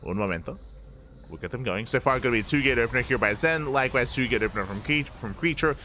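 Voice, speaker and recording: A man casting a live strategy game match as host, upbeat and playful, with quick self-corrections and jokey asides. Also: mid-range voice, lively intonation, pushed and bright, slight background noise. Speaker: esports caster.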